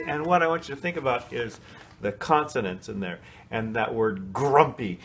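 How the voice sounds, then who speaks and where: A man teaching a children's choir, explaining solos in a relaxed, chatty way and singing short snippets to show how they go. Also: medium pitch, a little slow, loud music behind the voice. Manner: casual, explanatory, sings short snatches to demonstrate. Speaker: music teacher. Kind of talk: coaching a kids' choir on song solos.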